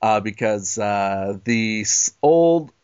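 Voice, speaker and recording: A man's voice: fairly low pitch, slow, clean tone, lo-fi sound. A man co-hosting a podcast in casual chat, swearing and mocking other people's arguments. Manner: profane, mocking, animated storytelling. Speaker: podcast co-host.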